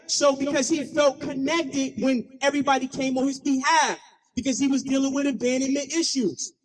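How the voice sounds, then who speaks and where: Brief: high-pitched man telling playful stories in a keynote, checking in with the room. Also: normal speed, big-room sound. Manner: animated, call-and-response with audience; playful, slangy. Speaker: keynote speaker. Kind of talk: storytelling speech.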